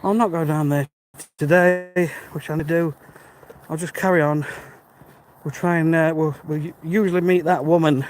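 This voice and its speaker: Faint birdsong and passing traffic come through this low-quality recording of a British man walking a dark rural road while live streaming. Reading chat, he thinks aloud in a friendly, casual way, his fairly high voice steady and at a normal speed.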